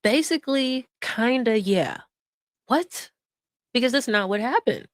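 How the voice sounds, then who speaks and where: A woman's voice: fairly high pitch, animated, unhurried, no room sound. A woman hosting drama commentary, sarcastic and laughing as she mocks and mimics others. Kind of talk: mocking commentary over stream clips.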